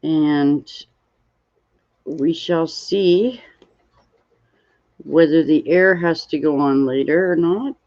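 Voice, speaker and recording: A deep, slightly mellow female voice belongs to a tired, yawning livestream host who crafts while rambling slowly. She reads the chat aloud and greets viewers, and the stream audio sounds dull and lo-fi.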